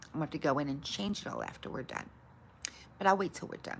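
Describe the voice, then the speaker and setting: A woman hosting her own livestream, grumbling about her tech troubles and brightly greeting her viewers. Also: deep voice, wildly swooping pitch, quick pace, vocal fry, a little hiss or hum. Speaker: livestream host. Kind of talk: casual livestream chat.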